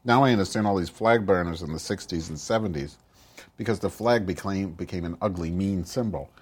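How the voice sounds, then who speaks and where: A man's voice: low-pitched, brisk, husky. A man voicing a cranky foul-mouthed woman host. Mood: grumpy. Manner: profane, grumbling, rambling rants. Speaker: podcast host. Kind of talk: comic character monologue.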